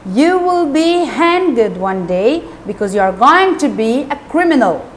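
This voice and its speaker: A hulking, quick-tempered beadle scolds a boy with slow, heavy anger as a woman acts him out in a storybook reading. His voice lifts and lurches in pitch as he rails. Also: very animated, slight background noise. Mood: angry. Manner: angry, scolding. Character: bad-tempered big fat male beadle.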